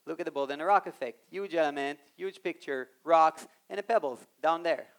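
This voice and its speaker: Animated man giving a conference talk. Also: on the high side, fairly quick, clear, resonant tone. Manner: animated, addresses the audience directly; acts out quoted voices in his talk. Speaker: conference speaker. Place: conference stage before a live audience.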